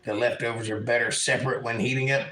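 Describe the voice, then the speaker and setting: A man's voice: mid-range voice, little pitch movement, quick pace, noisy background. A man from eastern North Carolina with a Southern accent, hosting a casual livestream at home and reading chat messages aloud in a folksy way.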